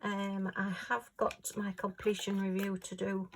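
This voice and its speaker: A woman's voice: medium pitch, little pitch movement, measured pace, a little hiss or hum, poor audio. A woman with a Yorkshire accent chatting casually to camera as she sorts craft supplies at home, giggling and talking to herself. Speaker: crafting vlogger. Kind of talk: casual chat while working.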